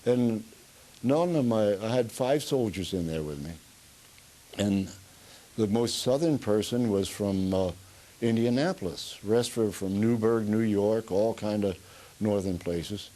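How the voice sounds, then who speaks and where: An older veteran with a Pennsylvania Dutch accent rambles through stories in an oral history interview, chuckling as he goes. His lowish voice is mellow and a little slow, and the recording is rough.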